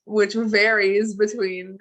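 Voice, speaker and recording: A woman's voice: mid-range voice, level tone, slow pace, fairly bright tone, low-quality recording. A woman co-hosting a podcast, chatting casually about movies with lots of fillers and giggles. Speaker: podcast co-host. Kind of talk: casual chat.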